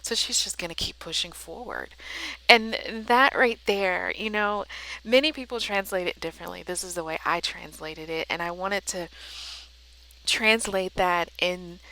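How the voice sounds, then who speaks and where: A woman's voice: fairly low pitch, measured pace, bright, forceful tone, rough recording. A woman vlogging about Bible journaling, talking in an earnest, encouraging, faith-filled way. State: tearful. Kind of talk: heartfelt casual vlog talk.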